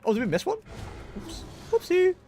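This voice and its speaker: A man's voice: extremely high pitch, huge pitch swings, moderate pace, vocal fry, warm tone, soft background music. A man chatting casually as he streams a video game, joking at his own expense. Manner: chatty, self-mocking, jokey asides. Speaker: gaming livestreamer. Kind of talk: casual live commentary while playing.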